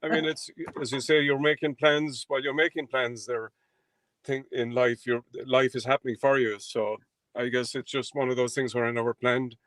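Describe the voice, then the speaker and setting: Relaxed Irish man in his sixties. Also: medium pitch, moderate pace, no echo, low-quality recording. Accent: Irish, County Clare. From Ireland. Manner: relaxed, rambling, hesitant with fillers. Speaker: guest, carpenter. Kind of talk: casual interview chat.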